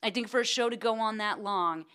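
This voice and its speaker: Bright-voiced woman telling stories. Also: a little fast, clear, resonant tone. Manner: animated, acts out quotes in a high excited voice. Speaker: guest actor. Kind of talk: casual interview storytelling.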